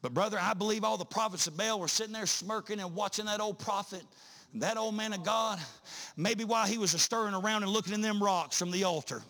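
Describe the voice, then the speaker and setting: Preacher guy, high voice, chanty sermon with lots of uh's, gets shouty. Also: a little fast. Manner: chanting, rising to shouts, many "uh" breaks.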